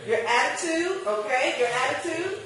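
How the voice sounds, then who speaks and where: Fairly high voiced woman lecturing a class, quizzes the room, recorded far off in a big echoey room. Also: normal speed. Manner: lively, questions the class and acts out customer exchanges. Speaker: marketing instructor. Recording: echoey room picked up from a distance.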